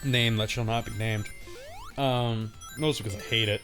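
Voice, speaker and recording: A man's voice: on the low side, steady tone, normal speed, a bit bright, faint music behind. A young man casually telling a rambling, laughing story, acting out the other people's voices. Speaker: co-host of a gaming channel. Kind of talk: casual storytelling while playing a game.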